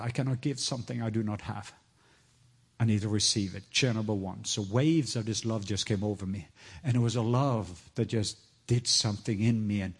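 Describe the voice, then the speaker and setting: In a sermon, a husky-voiced middle-aged man shares a personal story. He sometimes drops to a soft hush and climbs high whenever he quotes other people.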